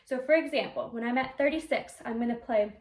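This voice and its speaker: High-voiced woman teaching flute, echoey room. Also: fairly quick, very noisy. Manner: clear step-by-step explaining, sings articulation syllables. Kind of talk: instrumental music lesson.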